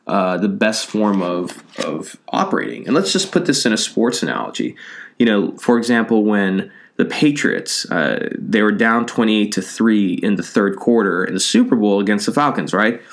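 Man, slightly low voice, casual motivational talk, filler-heavy, keeps asking "right?". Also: animated, moderate pace. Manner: loose and conversational, with many fillers and a frequent tag "right?".

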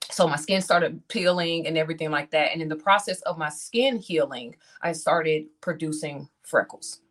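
A woman in her thirties, speaking, tells a personal testimony in animated style and acts out her own reactions as she talks to the audience. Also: deep voice, normal speed. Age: 30s. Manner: talks straight to the audience, calls them "y'all".

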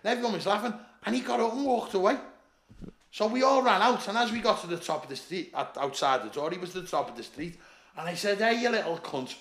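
A man's voice: high voice, fast, a bit bright, echoey room. A man with a Liverpool accent, a former doorman, telling stories in casual chat, swearing and laughing as he goes. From Liverpool, England. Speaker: podcast guest, former doorman.

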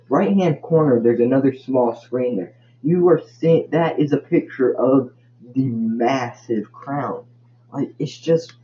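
A man's voice: medium pitch, lo-fi sound, a little hiss or hum. A man hosting a casual solo podcast, rambling and tripping over his words. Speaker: podcast host.

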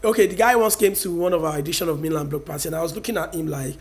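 A man's voice: high voice, animated, fast talker. A man in his thirties with a Nigerian Yoruba accent, vlogging an emphatic, preachy rant and mixing in Yoruba phrases. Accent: Nigerian, Yoruba-speaking. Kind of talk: casual opinion rant to camera.

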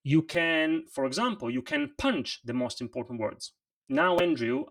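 Animated coaching man, gravelly voice. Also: medium pitch, a little slow, distant mic. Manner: animated, practical, demonstrates vocal emphasis. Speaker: guest presentation coach. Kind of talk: livestream interview.

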